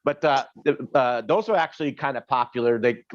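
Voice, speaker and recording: A man's voice: medium pitch, brisk, few pauses, no echo. Hesitant man on a dull line. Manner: hesitant, restarts often. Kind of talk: casual group chat.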